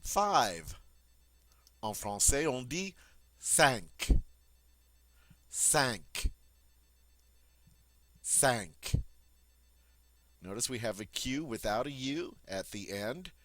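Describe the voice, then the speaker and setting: A man teaching French pronunciation, repeating each word slowly and clearly before explaining it. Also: mid-range voice, big pitch swings, fairly bright tone, dry recording. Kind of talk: pronunciation lesson.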